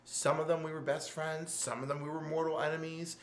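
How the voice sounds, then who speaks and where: A man voicing a menacing male villain in a comic book retelling, dropping low and quiet. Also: little pitch movement, brisk, close to an everyday voice. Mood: taunting. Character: menacing male dark alternate Batman villain. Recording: roomy echo.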